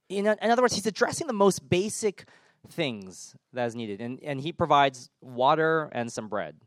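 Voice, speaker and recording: A man's voice: fairly high pitch, sing-song, normal speed, no room sound, studio quality. Man preaching a casual, joking sermon. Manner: informal, self-deprecating humor, many fillers. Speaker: pastor. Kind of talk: conversational sermon.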